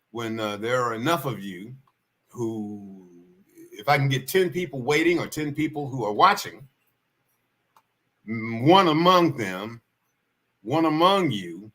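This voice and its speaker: Livestream guy with a bright voice, folksy and rambly, keeps repeating himself. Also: medium pitch. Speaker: livestream host. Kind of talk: casual spoken storytelling.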